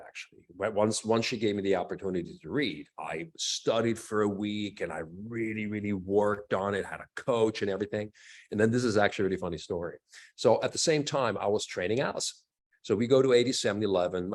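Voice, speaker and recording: A middle-aged man, an actor and fight coordinator, telling stories in a casual interview and acting out the lines he quotes. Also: on the low side. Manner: animated storyteller, acts out quotes.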